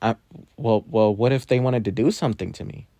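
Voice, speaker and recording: A man doing a jittery teenage schoolboy who trips over his words, repeating himself as he scrambles to explain. The voice sits fairly low and sounds dry and close, with no room echo. It is a fan storybook reading. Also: fairly quick, mellow, natural voice. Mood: flustered. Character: nervous stammering teenage boy student.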